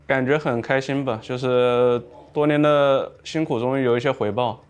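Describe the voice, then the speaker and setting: Soft-spoken male pro gamer. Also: medium pitch, steady tone, normal speed, clean tone, highs cut off. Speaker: pro player. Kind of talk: interview answers.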